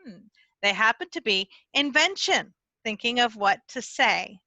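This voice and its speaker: A woman's voice: a little high, expressive, a little slow, bright, forceful tone, no echo. A woman speaking at a conference, teaching how to write and explaining things step by step, with small slips and self-corrections along the way. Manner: talks with her hands. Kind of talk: conference talk.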